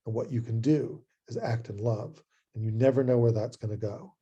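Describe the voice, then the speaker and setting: A man, a rabbi, giving an adult education lecture over a video call and telling a story in a chatty, animated way with frequent restarts. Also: medium pitch, moderate pace, husky, dull audio.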